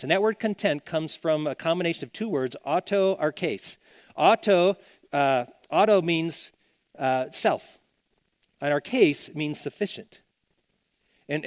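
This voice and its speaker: A man's voice: a little high, no echo. A middle-aged male pastor preaching a sermon in a conversational way, repeating phrases and acting out the voices of the people he quotes. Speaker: senior pastor. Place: church.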